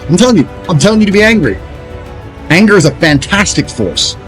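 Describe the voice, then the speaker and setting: A man lectures hard in a motivational rant, blunt and profane, and mocks other people's excuses. His voice sits fairly high and swings widely in pitch. Faint music plays underneath. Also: very animated, a little fast, low-quality recording. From England. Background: faint background music.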